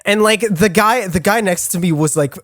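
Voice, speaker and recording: Halting swearing podcast storyteller, dry sound. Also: male voice, high-pitched, fairly bright tone, dry recording. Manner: halting, with many restarts and heavy swearing. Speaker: podcast co-host. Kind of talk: casual storytelling.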